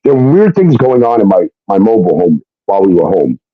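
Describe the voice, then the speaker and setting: A guest tells a casual story with a lively, swinging delivery, his voice on the low side and brisk, hitting emphasis hard, throwing in the odd curse and repeatedly adding "okay?" The lo-fi recording is dull, close and dry, with no room sound.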